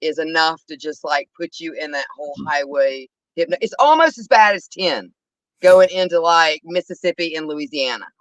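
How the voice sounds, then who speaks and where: A co-host chats over a remote call in a relaxed, unhurried way. The voice moves up and down with some life. It sounds dull and lo-fi but dry. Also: medium pitch, no room sound. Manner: laid-back, drawn-out storytelling. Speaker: podcast co-host. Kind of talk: casual chat.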